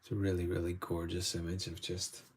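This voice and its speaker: A man's voice: low voice, level tone, a little fast, a little mellow. Chatty Northern Irish man painting live. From Northern Ireland. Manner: chatty, greets viewers while painting. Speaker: art tutor.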